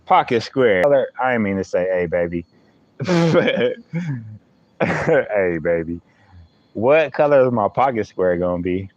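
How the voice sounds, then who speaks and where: A man's voice: medium pitch, animated, normal speed, hardly any pauses, muffled recording. A man using hosts a live stream, chatting playfully with viewers and laughing often. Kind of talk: joking live-stream chat.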